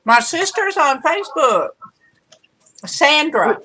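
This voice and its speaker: A woman hosts a relaxed livestream, greeting viewers one by one in an unhurried, slightly high voice. Her tone is bright and sunny, and she laughs easily between stories. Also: rough recording. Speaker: livestream host. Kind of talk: casual livestream chat.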